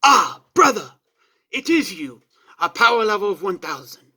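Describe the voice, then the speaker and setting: Man voicing an arrogant alien warrior brother, boastful, condescending, high, bright. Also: sing-song, normal speed, husky, exaggerated voice.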